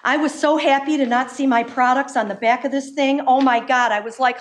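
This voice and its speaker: A woman giving an impassioned public comment at a council meeting as a hemp business owner, emphatic and quick. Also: high-pitched. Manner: impassioned, emphatic, fast-talking. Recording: echoey meeting room.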